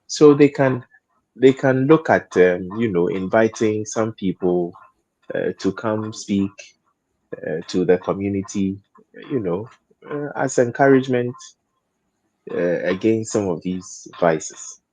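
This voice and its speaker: A man's voice: lowish voice, measured pace, darkish tone. A man speaking as a panel guest in a studio discussion, hesitant, repeating words and laughing often.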